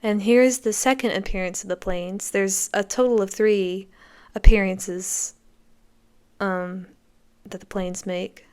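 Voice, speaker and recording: A woman's voice: medium pitch, steady tone, slow pace, a little mellow, clean tone. A woman hosting a podcast, giving enthusiastic, conversational commentary as she reacts to a film. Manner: enthusiastic, conversational, reacting to scenes as they play. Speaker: podcast host.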